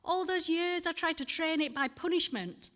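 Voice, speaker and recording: A woman reading her poems aloud and talking candidly between them at a festival event, earnest and measured. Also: very high voice, fairly bright tone. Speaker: poet. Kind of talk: poetry reading with personal talk. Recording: long hall reverb.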